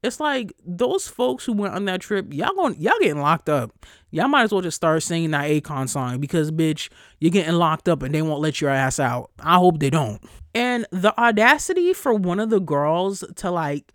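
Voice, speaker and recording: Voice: mid-range voice, sing-song, no echo, clean studio sound. Angry profane podcast rant. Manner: heated, profane, fast-cutting rant; frequent cursing and "like" fillers. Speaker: podcast host.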